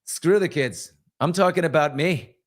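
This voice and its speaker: A man's voice: on the high side, moderate pace. A man hosting a casual morning chat show, gossiping about celebrities in a chatty, loose way. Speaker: host.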